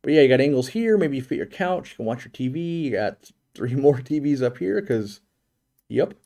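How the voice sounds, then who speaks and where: A man's voice: mid-range voice, animated, normal speed, warm tone. A man hosting a live stream, giving a casual, joking commentary on a virtual home tour and thinking aloud with many restarts.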